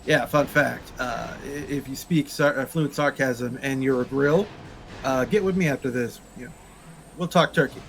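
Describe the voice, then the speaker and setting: A man's voice: medium pitch, moderate pace, vocal fry, a little hiss or hum, low-quality recording. A man streaming a game, ranting sarcastically and crudely in casual chat. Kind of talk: casual chat while gaming.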